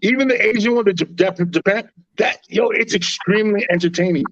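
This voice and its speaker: A man hosting a casual sports podcast, telling stories in an animated, slangy way with plenty of swearing. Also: high-pitched, a little fast, creaky, dry recording, muffled recording.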